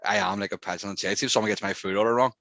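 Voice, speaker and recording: A young Northern Irish man chatting as a podcast guest, rattling through his stories at a fast clip with a lower, bright and forceful voice. He laughs readily as he tells them, and the sound is close and dry, with no room around it. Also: dry recording. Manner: animated storytelling, quick laughter. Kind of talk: casual chat.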